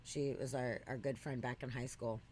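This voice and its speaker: Animated, profane podcast co-host. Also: normal speed, a little hiss or hum. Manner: animated, swears freely, jumps into high exclamations. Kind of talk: casual storytelling chat.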